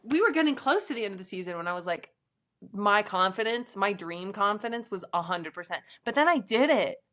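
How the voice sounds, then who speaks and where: A woman's voice: medium pitch, animated, brisk, fairly bright tone. A young American woman co-hosting a casual podcast chat, gushing and laughing often. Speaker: podcast co-host.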